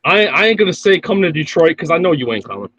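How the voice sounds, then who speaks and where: A man's voice: fairly high pitch, sing-song, quick pace, a bit bright, husky, dry recording. A man in crude, slangy banter, swearing heavily and teasing the others. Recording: dull lo-fi sound.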